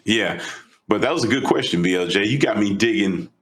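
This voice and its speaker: A man co-hosting a podcast, retelling a story in an animated, casual way. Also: lowish voice, fairly quick. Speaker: podcast co-host.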